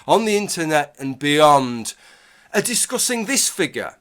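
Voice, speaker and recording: Man, fairly high voice, emphatic commentary with wry asides. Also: sing-song, a little slow, fairly bright tone. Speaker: video commentator. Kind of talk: argumentative commentary.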